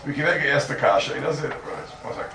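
A man's voice: medium pitch, racing. Man teaching a Talmud class from afar. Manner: animated, repeating points for emphasis. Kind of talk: Talmudic lecture. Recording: echoey room, distant mic, faint noise.

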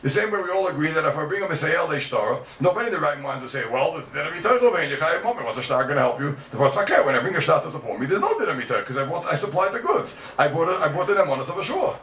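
A man races through a Talmud lesson, his pitch leaping up and down as he argues each point. He is heard from a distance in a roomy classroom, with faint ambience behind him. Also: big pitch swings, fairly bright tone. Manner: rapid, questioning, sing-song give-and-take. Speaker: Talmud teacher. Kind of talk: animated Talmud class lecture.

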